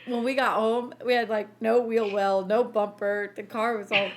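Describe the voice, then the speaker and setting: A woman's voice: a little high, moderate pace, noisy background. A woman co-hosting a casual chat podcast, telling stories with lots of laughter and acted-out quotes. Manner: animated storyteller, laughs often, acts out quotes. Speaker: podcast co-host.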